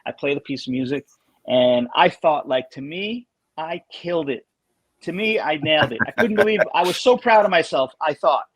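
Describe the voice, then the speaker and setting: A man being interviewed as a guest drummer, telling anecdotes in a casual, animated way and often restarting his sentences. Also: fairly high pitch, normal speed, husky, no room sound, rough recording.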